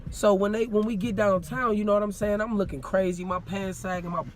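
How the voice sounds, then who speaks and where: A man telling a story in casual talk, animated and full of street slang, acting out what people said. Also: high voice, fairly quick, a little hiss or hum. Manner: animated, acts out quoted dialogue, street slang. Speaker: podcast guest.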